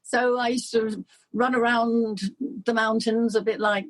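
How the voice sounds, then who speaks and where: Husky older woman telling stories. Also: a little high, little pitch movement, a little slow. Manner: warm, laughing, storytelling. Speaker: interview guest. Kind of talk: casual chat.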